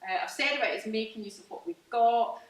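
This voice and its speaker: A woman's voice: on the high side, brisk. A woman with a Scottish accent, a farmer talking to an audience about her farm business in a chatty, enthusiastic way, with lots of fillers and restarts. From Scotland. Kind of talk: informal presentation to an audience. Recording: roomy hall, mic at a distance.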